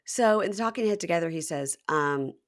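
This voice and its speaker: A woman's voice: on the low side, a little fast. A woman hosting a podcast, recapping a reality show in casual chat and acting out what the people said. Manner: animated, mimics people in quotes.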